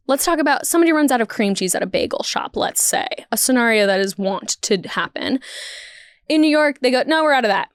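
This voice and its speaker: Woman podcast host, comic storyteller, higher voice, dry close sound. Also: dry recording. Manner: animated, wry, riffing. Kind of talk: comedic storytelling.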